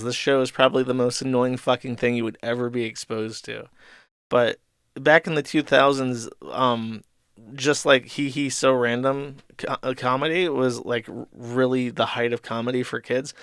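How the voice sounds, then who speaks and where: A man in his thirties hosts a podcast, rambling through a comic in casual, profane commentary punctuated by laughing asides. His voice is smooth and clear at a middling pitch. The recording is dry and close, with no room echo. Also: fairly bright tone. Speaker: podcast host.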